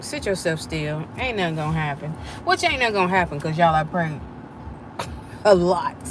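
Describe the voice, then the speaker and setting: A woman's voice: on the low side, normal speed, noisy background. A middle-aged woman, chatting with viewers during a live stream and acting out the voices in her story. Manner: animated, acts out quoted voices.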